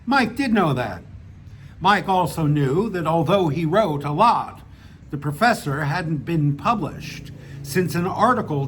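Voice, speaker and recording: A man reads his own short story aloud in a relaxed, casual manner, now and then stumbling and restarting a phrase. His voice sits fairly high for a man. Faint noise runs underneath. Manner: relaxed reading with casual, self-deprecating asides and small restarts. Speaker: author reading his own stories. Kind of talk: audiobook narration of a short story.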